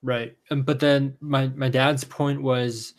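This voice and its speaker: A man co-hosting a casual podcast chat, talking haltingly with frequent fillers and restarts. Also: medium pitch, flat delivery. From Taiwan. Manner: hesitant, many restarts and fillers. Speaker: podcast co-host.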